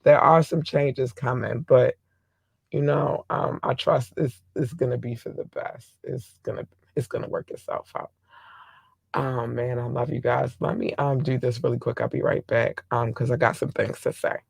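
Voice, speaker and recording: Hoarse middle-aged male podcast host, gravelly voice, rambling and affectionate, dry close sound. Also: medium pitch, level tone, normal speed, no room sound. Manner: rambling, affectionate shout-outs to listeners. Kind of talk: casual solo podcast monologue.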